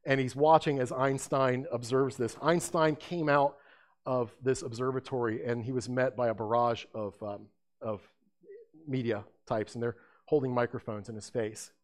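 Man giving a lively sermon-style talk. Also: medium pitch, normal speed. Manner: lively, conversational, asks the audience questions. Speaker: speaker presenting apologetics.

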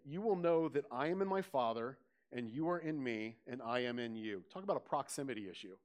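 Male pastor, lively sermon delivery, questions to the room. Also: mid-range voice. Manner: animated preaching, questions to the congregation, rising loud on quoted scripture.

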